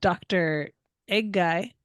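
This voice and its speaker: Playful woman player, unhurried. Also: lowish voice, clean tone, no echo, studio quality. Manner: laughing, playful. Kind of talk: casual play.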